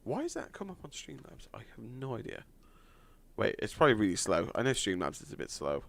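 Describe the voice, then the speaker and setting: Chatty man streaming, slightly hoarse. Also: fairly low pitch, wildly swooping pitch, a little fast. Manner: chatty, filler-heavy, thanks donors warmly. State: hoarse, losing his voice. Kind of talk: live stream chat.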